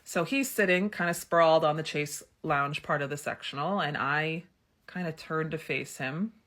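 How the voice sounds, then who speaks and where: This vlogger, a woman in her thirties, has a low-sitting, slightly bright voice and a moderate pace. Her personal story comes out frank and conversational, dotted with many "like"s and "um"s.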